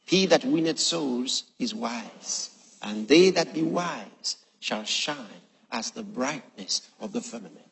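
A man preaching a sermon, quoting scripture slowly and with emphasis between long pauses. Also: mid-range voice, expressive, vocal fry, fairly bright tone, breathy edge. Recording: long reverb of a large hall.

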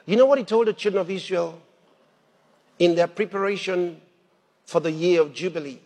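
A high-voiced man preaches a sermon at normal speed, animated and laughing between points, rising to shouts at the peaks. The recording carries a long hall reverb.

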